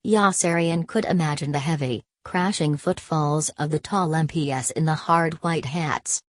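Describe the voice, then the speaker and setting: A woman reading a novel aloud in a steady, even narration. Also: sits low, normal speed, no room sound. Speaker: audiobook narrator. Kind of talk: scripted narration.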